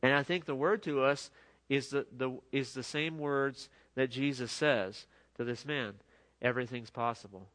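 A man's voice: mid-range voice, measured pace, a bit bright. A middle-aged man preaching a sermon in an earnest, conversational way, often restarting his sentences. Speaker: pastor.

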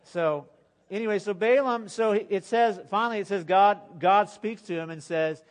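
Animated, joking preacher man. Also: high-pitched, normal speed. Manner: animated, exhorting, with joking asides. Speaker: pastor. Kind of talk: sermon.

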